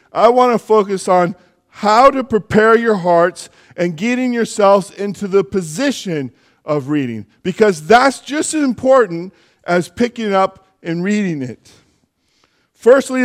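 A man's voice: high voice, expressive, measured pace. A man preaching a sermon in church, in a conversational way with asides and self-corrections.

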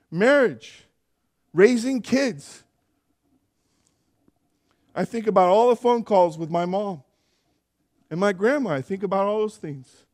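A man's voice: high voice, a little mellow. A younger man preaching a sermon as pastor in a church, earnest and building to emphatic exhortation.

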